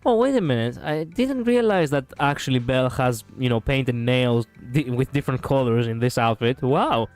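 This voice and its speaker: A man streaming a game, commenting casually in an excitable, profane, ranting way on a close mic. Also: mid-range voice, moderate pace, hardly any pauses, faint music behind.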